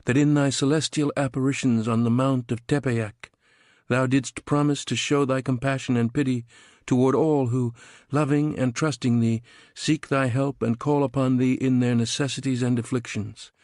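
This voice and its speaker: A man's voice: medium pitch, moderate pace, no room sound, studio quality, pitched above the performer's own voice, lightly acted. A man voicing a brave, scholarly young woman in an audiobook, speaking with commanding conviction. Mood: fervent prayer. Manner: commanding, fervent prayer delivery. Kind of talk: audiobook character voice.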